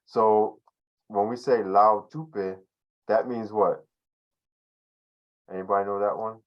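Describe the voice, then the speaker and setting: A man's voice: lowish voice, steady tone, slow pace, highs cut off. A man teaching a language class online in a loose, conversational way, full of fillers and restarts.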